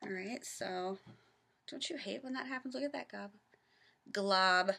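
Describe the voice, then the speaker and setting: A woman's voice: a little high, normal speed, vocal fry, fairly bright tone, breathy edge. A woman from the American South giving a chatty, casual craft tutorial in her home office, narrating each step with self-deprecating asides. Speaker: craft vlogger.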